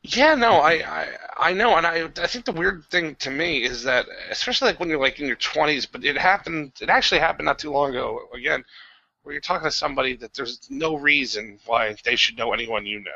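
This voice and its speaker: A man's voice: a little high, expressive, a little fast, gravelly, bright, forceful tone, no echo, lo-fi sound. A man in his thirties from New Jersey, a podcast guest, talking casually and hesitantly and hedging his points. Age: 30s. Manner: hesitant, hedging, with many fillers.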